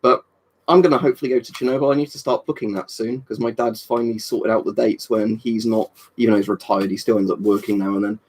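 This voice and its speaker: Sweary, husky streamer. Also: male voice, on the low side, fairly even intonation, fast, a little mellow. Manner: rambling, swears a lot, reads and answers chat. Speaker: live streamer. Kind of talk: casual live-stream chat.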